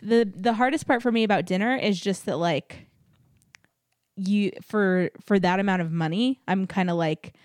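A woman's voice: medium pitch, normal speed, darkish tone, no room sound. Giggly teasing woman, lots of likes and ums, dry sound. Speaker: co-host. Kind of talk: casual chat.

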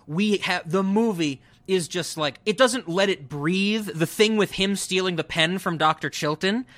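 A man co-hosting a casual film discussion podcast, animated and acting out quotes. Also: a little slow, no echo. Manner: animated, acts out quotes in a shrill voice. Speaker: podcast co-host.

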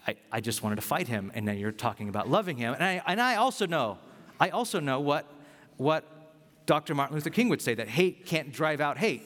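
Male pastor, fairly high voice, lively storytelling sermon, echoing hall. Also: brisk. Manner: conversational, animated storytelling. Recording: long reverb of a large hall.

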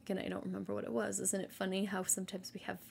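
A Christian mother giving an earnest, gentle devotional talk in a casual way, often dropping to a soft near-whisper. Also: mid-range voice, completely flat delivery, very fast, vocal fry, a little hiss or hum.

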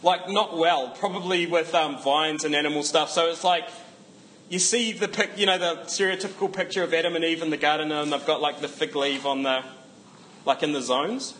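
A man's voice: a little high, steady tone, normal speed, fairly bright tone, a little hiss or hum, low-quality recording. A man preaching a casual sermon, joking asides and emphatic repetition.

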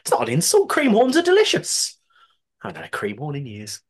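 Brummie bloke on a podcast reading out listener stuff, laughing a lot, voice bouncing all over. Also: male voice, a little high, brisk. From Birmingham, England. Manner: animated, laughs often, swears casually. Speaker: podcast co-host. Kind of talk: reading listener submissions, casual chat.

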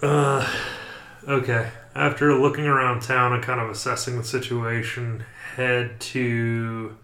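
A man's voice: mid-range voice, level tone, a little slow, pushed and bright. A man playing a tabletop game, talking casually and thinking aloud. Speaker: player. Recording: echoey room with faint noise.

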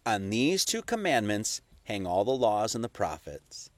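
A man's voice: on the low side, very animated, a little slow, no echo. A man giving a casual, conversational sermon, full of rhetorical questions and profane asides. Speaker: preacher.

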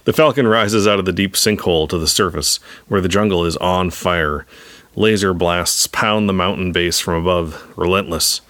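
A man narrating a script read-aloud in a brisk, even manner, with touches of dry humor. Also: deep voice, dry recording.

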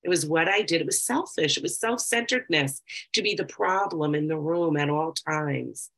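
Low gravelly woman, reflective. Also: fairly bright tone, low-quality recording. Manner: reflective, reads passages aloud slowly then talks freely. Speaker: speaker sharing recovery experience. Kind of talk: personal talk with reading aloud.

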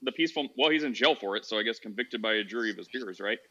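A man hosts a casual call-in show, his voice bright and forward. He talks calmly and rambles with fillers. The audio is dull and lo-fi. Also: on the low side, fast. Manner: calm, chatty storytelling with many fillers. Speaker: podcast host.

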